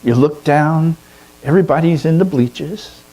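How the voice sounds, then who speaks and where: A man telling a long story to a fellowship gathering in an animated way, often chuckling. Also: on the high side, moderate pace, rough recording. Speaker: speaker at a fellowship service. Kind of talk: storytelling sermon.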